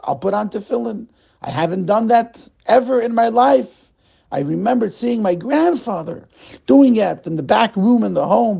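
A man with a husky, gravelly voice lifts his pitch to play an emotional man. He stammers and gushes in broken English, apologetic and overwhelmed. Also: darkish tone, heavily acted. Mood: eager.

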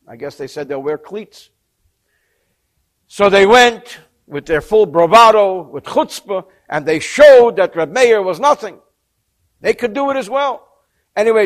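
Man, high voice, religious teacher, animated storytelling lecture, glosses Hebrew phrases in English. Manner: lively storyteller, mixes Hebrew and Yiddish terms with English translation. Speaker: Torah teacher. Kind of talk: storytelling lecture on a sacred text.

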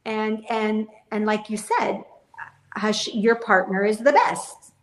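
A woman's voice: medium pitch, fairly even intonation, slow, echoey room. A young adult woman, a business owner, talking earnestly and at length as an interview guest, often laughing as she speaks. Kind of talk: casual interview chat.

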